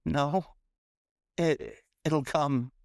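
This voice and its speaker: A man's voice: fairly high pitch, steady tone, extremely slow, no room sound. A weeping captive sylph woman, put on by a man running a tabletop game, stammers and repeats herself in a raised, trembling voice. She pleads in short broken bursts. The sound is dry and close. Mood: fearful. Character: frightened trapped female sylph, weepy, pleading.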